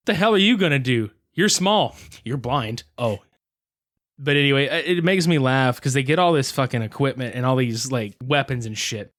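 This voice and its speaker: A man's voice: a little high, fairly bright tone, no room sound, clean studio sound. A man co-hosting a podcast, making sarcastic, profane remarks about a cult movie. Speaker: podcast co-host. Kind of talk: casual movie review chat.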